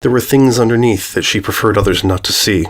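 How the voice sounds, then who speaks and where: A man giving a scripted narration of a fan-written story in a steady storytelling delivery. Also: on the low side, fairly quick.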